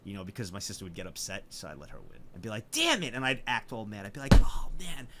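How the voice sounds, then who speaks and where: A man hosting a reaction video, talking in an animated, profane, joking way. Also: fairly low pitch, very fast, very noisy. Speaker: host.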